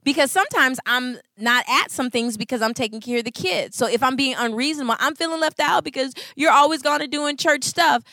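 A woman in her thirties giving a Christian talk on marriage, expressive and full of acted-out voices. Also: high voice, brisk, few pauses, no room sound, studio quality. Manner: expressive, acts out voices, laughs. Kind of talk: animated storytelling talk.

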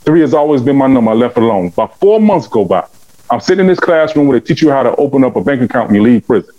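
Fast-talking man preaching his testimony. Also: muffled recording. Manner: animated, acts out dialogue with big pitch swings; fervent and preaching. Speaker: guest telling his life story. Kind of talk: emotional testimony storytelling.

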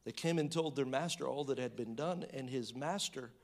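Preaching at an even, moderate speed, this man swings from forceful, booming passages to soft, hushed scripture reading. Along the way he tosses in casual side remarks and restarts his thoughts.

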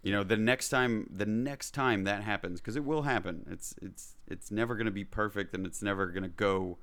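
A man in a casual podcast chat, telling animated stories, acting out quotes and swearing casually. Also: fairly low pitch, normal speed.

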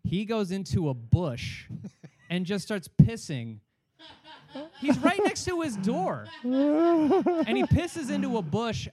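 A man's voice: very high-pitched, slow, pauses often. A young man, a stand-up comedian, telling a story in casual chat and acting out other people's voices. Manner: animated, acts out other people's voices, swears a lot.

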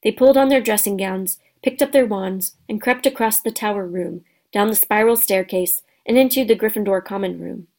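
A woman reading a children's storybook aloud as narrator, steady and expressive. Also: medium pitch, normal speed, hardly any pauses. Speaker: audiobook narrator.

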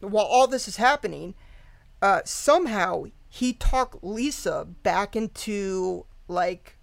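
A woman's voice: medium pitch, animated, slow, vocal fry, no room sound. A woman guest casually retelling a true-crime story, rambling with lots of fillers, laughing and swearing. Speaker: podcast guest.

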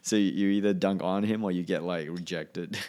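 Low and dark in tone, his voice stays steady while he talks briskly. The man is a comedian alone on his podcast, casual and rambling, with sentences that frequently stall and start over.

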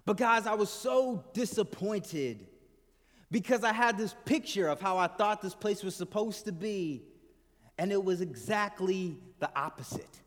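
Male pastor, high-ish voice, conversational sermon delivery with soft trailing endings, reverberant sanctuary. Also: expressive, unhurried. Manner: conversational, asks the congregation questions; drops to a soft low voice at the end of phrases. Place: church hall with congregation. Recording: hall reverb from the room.

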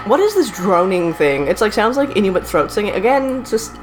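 A woman chatting casually as a podcast co-host while watching a show, blunt and excitable, swearing freely and laughing often. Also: medium pitch, normal speed. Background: TV show music playing.

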